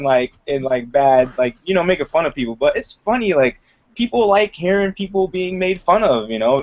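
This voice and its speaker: A young man chatting as an interview guest, talking loosely with lots of "like" and "you know" and laughing often. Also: mid-range voice. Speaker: guest, aspiring comedian. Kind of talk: casual interview chat. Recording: dull lo-fi audio.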